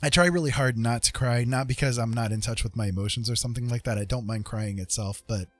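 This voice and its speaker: A man's voice: medium pitch, quick pace, a bit bright, soft background music. A man hosting a casual livestream chat, talking in an earnest, rambling way with lots of fillers, teary and with his eyes burning. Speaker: livestream host.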